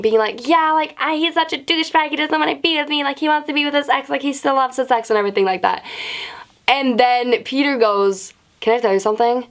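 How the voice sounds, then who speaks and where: A young adult woman with a slightly high voice tells a casual storytime vlog. She is animated, swears freely and jumps up in pitch to act out what people said. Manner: animated, swears often, acts out quotes in a higher voice. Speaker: vlogger.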